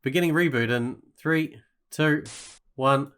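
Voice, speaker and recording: A man voicing a cruel, mocking mechanical game master who runs a deadly school game, drawing his words out slowly. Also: medium pitch, a bit bright, clean tone.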